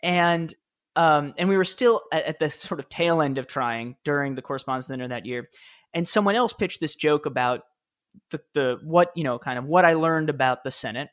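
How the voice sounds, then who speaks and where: Guy in his 30s, kinda high voice, rambles through funny work stories, lots of restarts. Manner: animated anecdote-telling, quick and self-deprecating with restarts. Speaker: author and former speechwriter, guest. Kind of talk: conversational interview storytelling.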